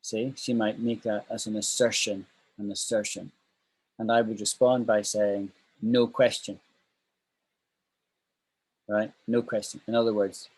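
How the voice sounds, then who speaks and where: A man's voice: on the low side, vocal fry, darkish tone, breathy edge, low-quality recording. A man teaching an online English class, chatty and emphatic, repeating phrases for stress.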